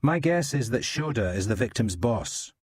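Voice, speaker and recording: Male reader as a blunt probing detective, husky, lively, dry sound. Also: medium pitch, dry recording, voice pushed up. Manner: probing, brisk questions. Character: blunt Scottish male detective inspector, dogged.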